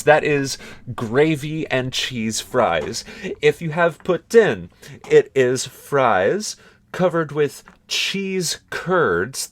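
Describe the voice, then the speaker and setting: Canadian man, reaction-video host, emphatic explainer, middle pitch. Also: a bit bright. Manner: explains points slowly and emphatically. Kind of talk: casual commentary over a video.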